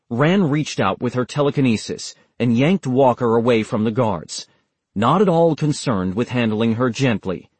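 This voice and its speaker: Male audiobook narrator, husky and dry, steady measured read. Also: mid-range voice, no echo. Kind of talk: scripted narration.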